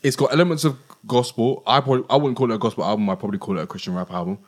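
A man's voice: mid-range voice, steady tone, rapid-fire. A man, hosting a casual podcast chat in a laid-back, rambling way. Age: 20s. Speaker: podcast host.

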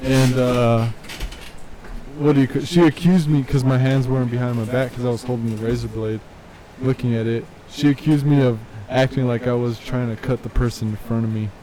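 A man's voice: mid-range voice, steady tone, fairly quick, mellow, low-quality recording. A young man co-hosting a podcast in casual chat, hesitant and searching for words as he tells a story. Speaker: podcast co-host.

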